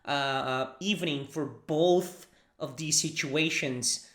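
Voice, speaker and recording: A Brazilian man, a native Portuguese speaker, speaks English with a Brazilian accent and teaches greetings at an unhurried pace. He is patient and sets out short phrases for the listener to repeat. His voice carries a roomy echo, as if recorded in a bare room. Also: on the high side, fairly bright tone. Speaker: language teacher. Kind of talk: language lesson.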